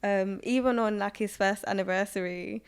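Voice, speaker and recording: A woman's voice: medium pitch, steady tone, moderate pace, smooth. A young woman sharing personal memories in a group conversation, speaking casually with many fillers. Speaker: bereaved mother.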